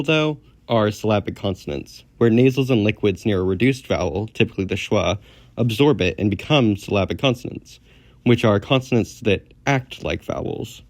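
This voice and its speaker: A man narrating a scripted educational video on linguistics in a measured, explanatory way. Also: medium pitch, no room sound.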